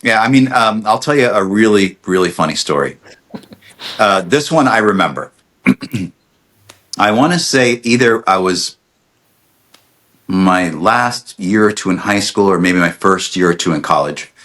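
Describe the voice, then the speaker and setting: A middle-aged man with a somewhat low voice tells a story in casual podcast chat. He slips into other people's lines as he goes, and stumbles over restarts along the way. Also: unhurried, pauses often. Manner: animated storyteller, acts out quotes, many restarts. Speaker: podcast guest, dentist.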